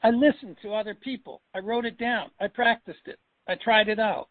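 A man's voice: high-pitched, steady tone, brisk, no echo. Emphatic man on a phone line. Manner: emphatic, repeats himself for stress. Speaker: sales coach. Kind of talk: coaching call.

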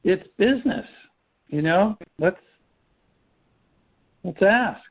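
A man whose voice sits high, animated and breathy-edged, takes his time speaking through tinny phone audio. As a firm leader running a business team meeting, he coaches using rhetorical questions and restarts a lot.

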